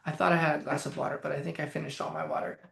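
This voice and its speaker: A man's voice: fairly high pitch, flat delivery, racing, creaky, a bit bright. A man coaching on anxiety in a live-streamed talk, blunt, emphatic and full of swearing. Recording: echoey room.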